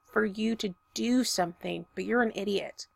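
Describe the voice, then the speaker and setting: A woman voicing a gruff, intense male werewolf who speaks in short, low, hoarse lines. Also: moderate pace, no room sound. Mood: curt.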